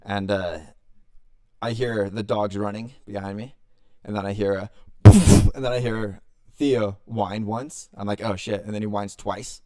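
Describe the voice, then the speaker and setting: A young man tells a story on his podcast in a smooth, fairly low voice. He swears freely and acts out what everyone said. The sound is close and dry. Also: steady tone, normal speed, a little mellow, no echo. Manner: loose and profane, acting out quotes. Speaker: podcast host. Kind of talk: casual storytelling.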